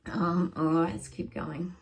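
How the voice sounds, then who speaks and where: A woman's voice: fairly low pitch, flat delivery, a little slow, slight background noise. A middle-aged woman psychic giving rambling predictions to her viewers, thinking aloud and often dropping into whispered asides.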